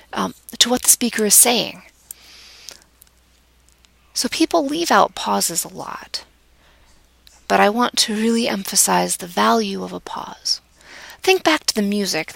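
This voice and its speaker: Woman lecturing with gravelly, deliberate delivery. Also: medium pitch, fairly bright tone, dry recording. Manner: demonstrative, varies volume and pace deliberately, drops to whispers for emphasis; conversational with rhetorical questions and small restarts. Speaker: speech instructor.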